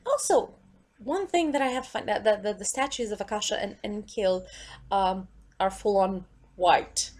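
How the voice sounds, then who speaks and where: A woman's voice: a little high, moderate pace, darkish tone. A woman vlogger at home, ranting in an exasperated, emphatic way and swearing freely.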